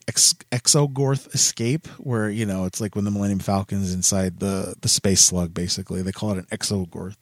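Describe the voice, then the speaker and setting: Man, low-pitched, casual solo rant, blunt, exasperated, dry sound. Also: dry recording. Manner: blunt, exasperated, swears freely.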